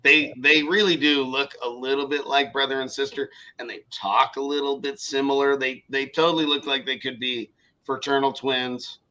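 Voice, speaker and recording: Bright-voiced man telling animated stories. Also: mid-range voice, normal speed, dull audio. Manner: animated storyteller acting out quoted people, swears freely. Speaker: podcast co-host. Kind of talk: casual chat.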